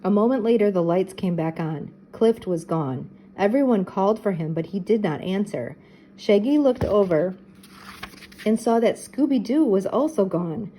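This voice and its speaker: An older woman reading a children's mystery book aloud, clear and expressive. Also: mid-range voice, moderate pace, low-quality recording. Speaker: storybook reader. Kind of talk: children's storybook read-aloud.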